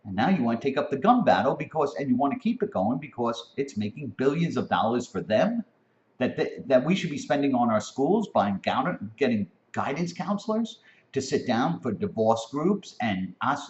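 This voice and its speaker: A man in a heated, profane rant, his voice swinging widely in pitch as it climbs toward a near-shout. The recording is dull and lo-fi. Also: sing-song, moderate pace. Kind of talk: impassioned spoken rant.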